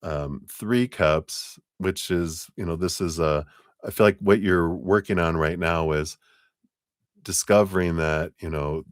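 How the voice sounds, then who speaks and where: Deep-voiced man giving a tarot reading. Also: measured pace, dry recording, studio quality. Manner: loose, rambling delivery with many fillers; upbeat, thanking viewers by name. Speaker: tarot reader. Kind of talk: live-stream tarot reading, casual chat.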